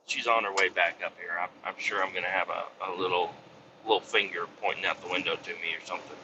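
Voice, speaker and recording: Low-voiced and fast, with vocal fry and fairly even intonation, this trucker swears nonstop while ranting through exasperated stories in a casual driving vlog. He's recorded in a moving truck cab, and the lo-fi sound is dull, with road noise.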